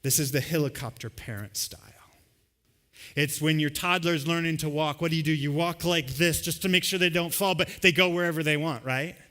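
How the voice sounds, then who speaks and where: Sex: man. Role: pastor. Style: conversational sermon. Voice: fairly high and very bright. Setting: church service. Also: fairly quick. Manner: conversational, acts out everyday scenes. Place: church service with a live congregation.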